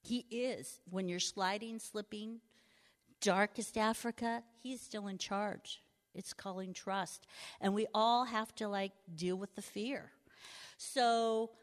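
A woman tells a story from the front of a large church hall, and her voice rings out with a long reverb. She speaks slowly and unhurriedly at a middle pitch and laughs easily as she goes. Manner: laughs easily while telling stories. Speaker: mission trip speaker. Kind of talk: storytelling testimony.

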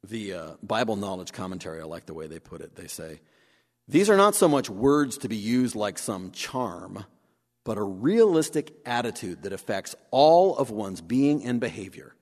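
A man preaching a sermon, animated, acting out the voices he quotes. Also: on the low side, moderate pace. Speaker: pastor. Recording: long hall reverb.

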